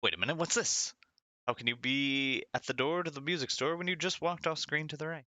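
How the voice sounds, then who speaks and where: A man's voice: on the high side, a little fast, bright, forceful tone, dry recording. A man streaming a retro adventure game, reading its text aloud in hammy voices and laughing at his own slips.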